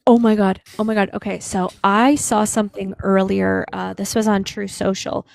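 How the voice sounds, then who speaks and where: A woman's voice: medium pitch, level tone, moderate pace, vocal fry. A woman hosting a livestream, reading news aloud and giving casual political commentary. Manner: conversational, hesitant with fillers.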